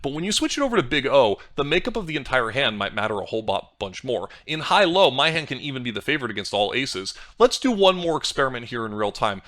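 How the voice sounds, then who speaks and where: Bright-sounding guy walking through poker sims, analytical, thinks out loud and restarts words. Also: medium pitch. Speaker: poker coach. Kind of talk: screen-share hand review.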